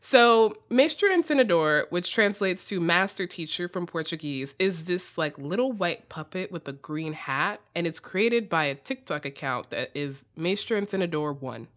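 A woman's voice: fairly low pitch, lively intonation, normal speed, hardly any pauses, a bit bright. A woman with an American accent hosting a podcast, chatting casually, reading listener questions and often saying "like". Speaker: podcast host. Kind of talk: casual chat.

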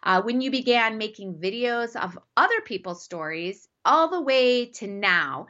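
A woman's voice: on the high side, lively intonation, a little slow, pushed and bright, dull audio. A woman hosting a faith-based podcast, enthusiastic and emphatic, introducing and questioning her guest with frequent laughter. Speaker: podcast host.

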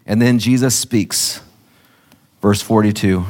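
A man's voice: medium pitch, a little slow. A male pastor preaching a sermon in an earnest, impassioned way with emphatic repetition. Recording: echoey hall.

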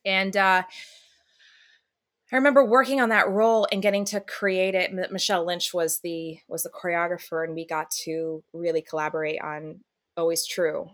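A woman, a musical theater actress, chatting as a guest in a casual interview and telling candid, animated stories while swearing freely. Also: on the low side, moderate pace.

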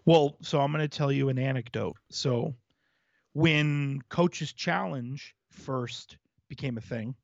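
A man's voice: medium pitch, slow, vocal fry, no echo, dull audio. A man co-hosting a hockey podcast in casual chat, laying out his points at length in an analytical way. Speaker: podcast co-host.

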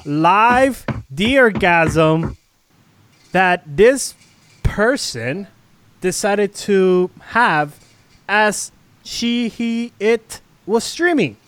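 A man's voice: high-pitched, lively intonation, drawn-out words, a bit bright, clear, resonant tone. A man co-hosting a casual chat, talking in an emphatic, mocking way. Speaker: podcast co-host.

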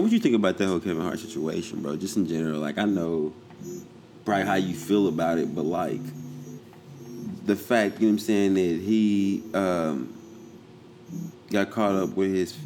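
A man's voice: sits low, noisy background. A man co-hosting a casual chat, laid-back and slangy, rambling with lots of fillers. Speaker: podcast co-host.

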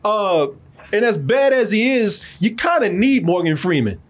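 A man's voice: high-pitched, normal speed. A man hosting a casual movie review podcast, talking in a profane way and acting out scenes. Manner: animated, profane, acts out scenes. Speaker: podcast host.

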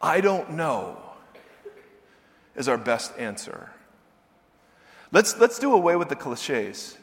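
A man with a high voice preaches a sermon to his congregation. He talks in an animated way, sinking to quiet asides and climbing to loud, emphatic peaks. His voice carries a long reverb from a big hall. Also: takes it slowly. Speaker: pastor.

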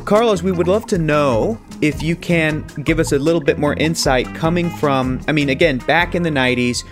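A man's voice: fairly high pitch, normal speed, music in the background. Enthusiastic male co-host asking questions. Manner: enthusiastic, reactive interjections. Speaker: podcast co-host. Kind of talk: interview questions.

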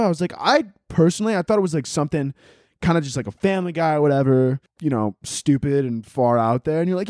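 A man's voice: fairly high pitch, lively intonation, fast talker, a little mellow, no room sound, studio quality. A man hosting a podcast, telling a rambling, profane comic story. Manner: rambling, profane, laughing often. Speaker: podcast host. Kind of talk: casual comedic storytelling.

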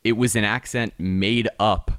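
A man's voice: lowish voice, fairly even intonation, measured pace, a bit bright, dry recording, clean studio sound. A young man co-hosting a podcast in casual chat, rambling with lots of restarts and fillers. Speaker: podcast co-host.

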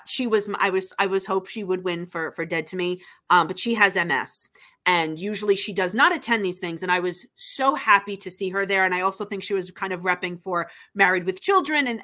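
A woman's voice: medium pitch, fairly quick, pushed and bright. A woman co-hosting a podcast, chatting casually and gushing with enthusiasm about an awards show. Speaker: podcast co-host. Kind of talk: casual awards recap chat.

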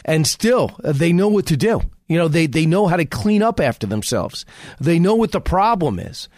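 Brief: high-pitched male radio pundit, rapid and emphatic, dry close sound. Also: sing-song, darkish tone, no room sound. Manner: rapid, emphatic, frequent restarts. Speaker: radio host as guest. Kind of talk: political talk radio conversation.

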